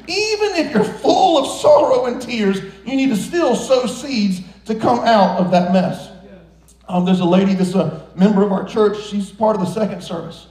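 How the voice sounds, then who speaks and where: Man, pastor, sermon, high voice, playful asides, reverberant sanctuary. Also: animated, moderate pace, a little mellow. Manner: playful, joking asides between earnest exhortations. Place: large church sanctuary.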